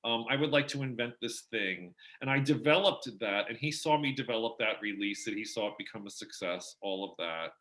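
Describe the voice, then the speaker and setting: A middle-aged man telling his story as an interview guest, animated and acting out the voices of people he quotes. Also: medium pitch, a little fast, hardly any pauses.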